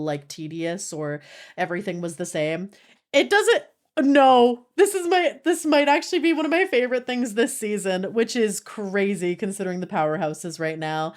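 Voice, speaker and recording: A young woman streamer chatting casually with her viewers, gushing and giggling, with lots of "like" in her speech. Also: medium pitch. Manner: giggly, breaks into laughter. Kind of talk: casual chat with live viewers.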